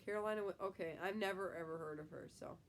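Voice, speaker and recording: A woman's voice: medium pitch, fast talker, a little hiss or hum. A young woman from the Midwest with a Midwestern accent, stuffy from a cold, chatting casually with viewers on a live stream while reading comments, rambling with lots of fillers. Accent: Midwestern American. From American Midwest. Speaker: livestream host.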